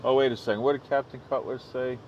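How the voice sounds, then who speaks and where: A man's voice: mid-range voice, fairly even intonation, quick pace, lo-fi sound, slight background noise. A man hosting a live stream outdoors, joking casually and laughing at his own jokes. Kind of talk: casual livestream commentary.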